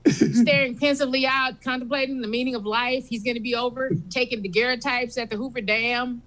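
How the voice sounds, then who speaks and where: A woman's voice: fairly high pitch, fairly even intonation, a little fast, a bit bright. A woman doing stand-up comedy, telling a rambling, conversational story.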